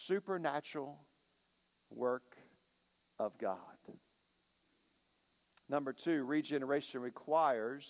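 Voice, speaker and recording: A man preaching a sermon as a pastor, slowing down and building emphasis on key lines. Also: mid-range voice, big-room sound. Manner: preaching with dramatic slowdowns and rising emphasis.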